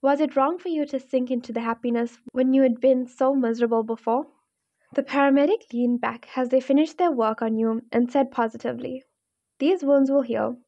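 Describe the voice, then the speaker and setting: A woman narrating a second-person fan fiction story in a smooth, even storytelling manner. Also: high voice, brisk, highs cut off.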